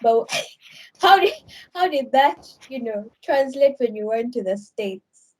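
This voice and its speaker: A woman's voice: fairly high pitch, expressive, takes it slowly, a little hiss or hum, low-quality recording. A woman podcast co-host from Uganda, chatting casually and playfully, laughing as she asks a question.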